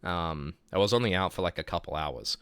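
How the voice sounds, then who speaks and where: Male streamer, New Zealand accent, lower pitch, smooth, dry sound, rambles casually. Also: fairly quick, a bit bright, no echo. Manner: rambling, full of filler words. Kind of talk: casual chat storytelling.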